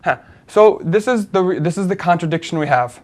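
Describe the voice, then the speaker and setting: A co-host with a fairly high-pitched male voice guides a relaxed talk show conversation. Thoughtful, he builds his argument one step at a time, thinking aloud with many fillers and sentences he starts over.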